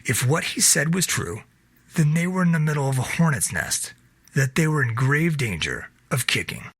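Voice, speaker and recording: A man narrating his own novel in a steady storytelling read. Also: fairly high pitch, normal speed, slightly rough, no room sound. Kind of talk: reading a self-published novel aloud.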